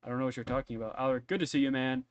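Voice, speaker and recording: A man's voice: medium pitch, steady tone, rapid-fire, a crowd in the background, natural voice. A man voicing a boastful young male jock adventurer who talks in a bro-ish, dismissive way, in a tabletop game. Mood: cocky.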